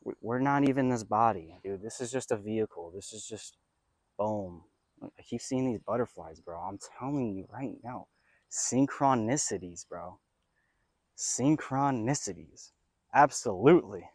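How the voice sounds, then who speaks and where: A young man rambles on about faith and manifesting, cursing often and swinging between loud, excited bursts and low mutters. His voice sits at an ordinary pitch. The sound is dry and close. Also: a little slow, no echo. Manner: profane, excitable, drifts between loud rants and mumbles. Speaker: spiritual vlogger. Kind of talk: casual rambling monologue. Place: outdoors.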